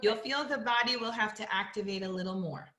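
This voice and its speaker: A woman's voice: mid-range voice, a little fast, fairly bright tone, echoey room. A woman voice teacher coaching an opera master class over a video call, encouraging and singing phrases to demonstrate.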